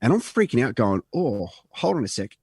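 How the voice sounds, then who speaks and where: A man's voice: mid-range voice, big pitch swings, moderate pace, darkish tone, husky, no room sound, clean studio sound. An Australian man co-hosting a podcast, telling a long rambling anecdote and acting out the quotes. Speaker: podcast co-host. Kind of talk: casual storytelling.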